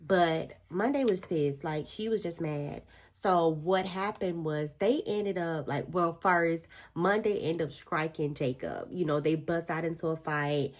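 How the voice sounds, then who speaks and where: Woman, slightly low voice, casual vlog book chat, expressive slangy storytelling. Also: unhurried, few pauses. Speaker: beauty and book vlogger. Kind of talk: casual book review while doing makeup.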